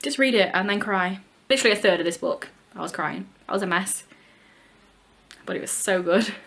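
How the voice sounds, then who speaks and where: A woman's voice: medium pitch, fairly quick, vocal fry, fairly bright tone. A young woman vlogging casually about books, chatty and emphatic, with the odd swear word. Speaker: book vlogger. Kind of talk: casual book review chat.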